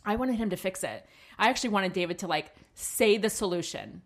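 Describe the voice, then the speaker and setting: A woman's voice: medium pitch, lively intonation, brisk. A middle-aged woman hosting a casual chat, candidly telling a personal story and quoting her husband. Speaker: podcast co-host.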